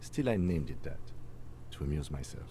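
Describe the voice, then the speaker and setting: A calm, dry police lieutenant. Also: male voice, very deep voice, normal speed, a little hiss or hum. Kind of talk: game dialogue.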